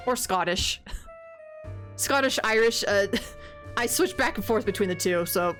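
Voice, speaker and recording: A woman's voice: fairly high pitch, expressive, measured pace, a bit bright, soft background music. Giggly, rambling young woman streamer. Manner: rambling, giggly, lots of fillers. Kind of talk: casual gaming commentary.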